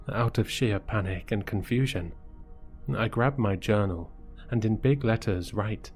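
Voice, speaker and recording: Slow, low-voiced man narrating horror. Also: faint music behind. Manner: slow, measured storytelling delivery.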